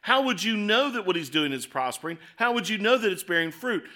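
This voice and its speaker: A man preaching a sermon as pastor, explaining scripture in a conversational way and reading verses aloud, slowing down and speeding up for emphasis. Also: high voice, very animated, bright, forceful tone.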